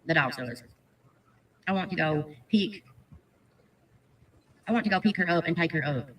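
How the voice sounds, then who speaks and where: A woman's voice: low voice, lively intonation, fast talker, pauses often, recorded from a distance, a little hiss or hum, low-quality recording. A woman from Kentucky, reading out viewer comments on a livestream, gushing and teary as she thanks people by name. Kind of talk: livestream chat.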